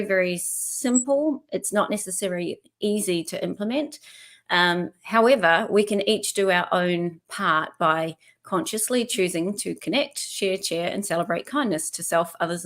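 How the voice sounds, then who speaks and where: A woman from New Zealand with a mixed New Zealand and Australian accent, speaking earnestly as a guest on an online interview over a video call. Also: fairly low pitch.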